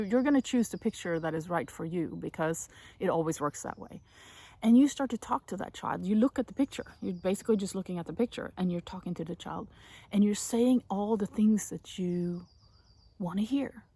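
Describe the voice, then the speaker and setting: Soft-spoken woman with a husky whisper. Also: mid-range voice. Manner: soft, often drops to a breathy whisper. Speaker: vlogger on inner child healing. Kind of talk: gentle self-help talk to camera.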